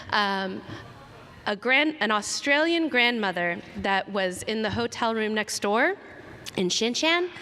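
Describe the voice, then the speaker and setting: A woman's voice: medium pitch, sharp tone, a little hiss or hum. A woman voice actress answering fan questions at a convention panel in a chatty, giggly way. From Texas, USA. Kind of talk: casual panel Q&A. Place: large convention hall. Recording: reverberant convention hall.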